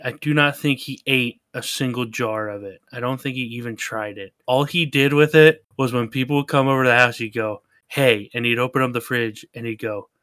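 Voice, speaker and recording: A man's voice: mid-range voice, pushed and bright, smooth, dry recording. A man co-hosting a casual podcast, telling a funny story and laughing often. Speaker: podcast co-host. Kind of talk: casual chat.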